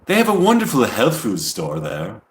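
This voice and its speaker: A man's voice: medium pitch, wildly swooping pitch, normal speed. A man doing a chatty put-on English accent. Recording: roomy echo.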